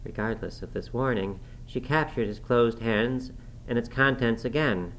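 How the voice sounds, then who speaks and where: A man's voice: medium pitch, a bit bright, slight background noise, poor audio. Man narrating a classic novel. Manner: measured, formal period narration. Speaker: audiobook narrator.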